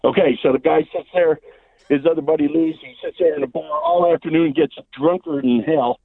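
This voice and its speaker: A man's voice: a little high, steady tone, a little fast, breathy edge. A man calling in to a radio talk show, telling a long rambling joke full of fillers and repeated "he says". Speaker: caller. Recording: phone line.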